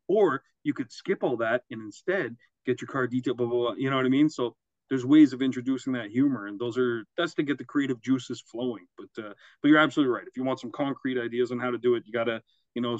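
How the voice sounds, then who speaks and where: A man from Quebec, Canada co-hosts a casual podcast, rambling through examples and laughing at his own jokes. His voice is mid-range. The audio is dull, with no echo.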